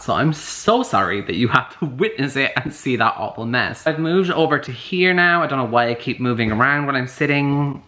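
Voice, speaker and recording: A man chatting excitedly at home for a book vlog, gushing about his reading. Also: medium pitch. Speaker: book vlogger. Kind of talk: casual vlog chat. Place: at home, moving between rooms.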